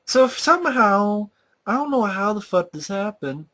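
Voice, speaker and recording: A man giving a ranting movie review, swearing freely and sounding exasperated and animated. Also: high-pitched, a little slow. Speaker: film reviewer.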